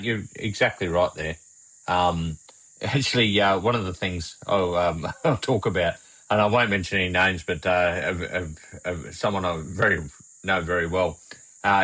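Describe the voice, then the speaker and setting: A low-voiced man co-hosting a casual podcast. He tells his story haltingly, with many pauses and fillers. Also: pushed and bright, breathy edge, rough recording. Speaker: podcast co-host, former police officer.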